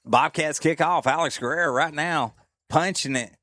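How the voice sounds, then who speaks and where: A man doing live radio play-by-play of a high school football game. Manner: steady, brisk play-by-play calling. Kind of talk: live radio sports broadcast. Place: radio broadcast booth at a stadium.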